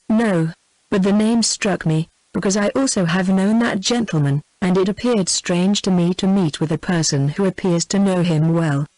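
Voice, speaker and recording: A text-to-speech woman's voice with a British English accent, reading a classic novel aloud in an even, synthetic way, using the same voice for every character. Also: fairly low pitch, no echo, low-quality recording. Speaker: narrator.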